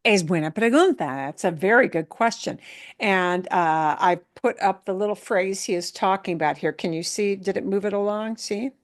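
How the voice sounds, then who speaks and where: A woman teaching Spanish in an online class, who explains patiently and repeats her points. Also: medium pitch. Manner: patient, explains slowly with repetition.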